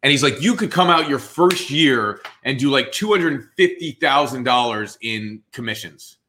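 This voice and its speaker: A man's voice: mid-range voice, moderate pace, slight background noise. A man in his forties with a New Jersey accent, telling his story as an interview guest and acting out the dialogue, with "dude" and "man" thrown in. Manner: animated, acts out quoted dialogue, says "dude" and "man". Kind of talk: casual storytelling.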